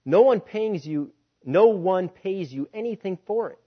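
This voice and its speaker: Man reading as a stern plantation master, domineering and loud; dull lo-fi audio. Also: fairly high pitch, moderate pace, natural voice. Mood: pleading angrily. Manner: stern, barking threats.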